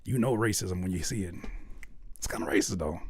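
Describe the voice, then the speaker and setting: A man hosting a music feedback stream in casual chat, jokey and repetitive, switching between loud outbursts and low mutters. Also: a little fast, husky, dry recording. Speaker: host reviewing music submissions.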